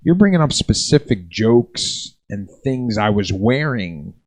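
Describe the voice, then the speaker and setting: A man from South Philadelphia co-hosting a casual comedy podcast, telling stories in an animated way and repeating words as he gets worked up. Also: lowish voice, a little slow. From South Philadelphia, USA. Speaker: podcast co-host, stand-up comic. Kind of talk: casual chat, storytelling.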